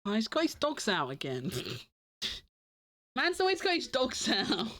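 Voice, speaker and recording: A woman's voice: on the high side, wildly swooping pitch, slow, a bit bright. A sleepy woman streamer chatting casually, giggling often and rambling with many restarts. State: sleepy, yawning. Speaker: live streamer.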